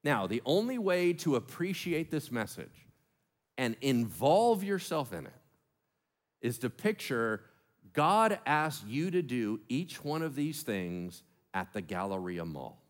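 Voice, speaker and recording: A man's voice: medium pitch, slow. A man preaching a sermon as pastor, joking and acting out little voices as he teaches. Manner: animated, joking, acts out voices.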